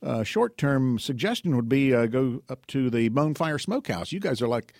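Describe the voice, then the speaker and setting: A man hosting a radio show, introducing a band and their upcoming shows, halting now and then with fillers. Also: mid-range voice, sing-song, darkish tone, dry recording, studio quality. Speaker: radio host. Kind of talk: casual radio chat.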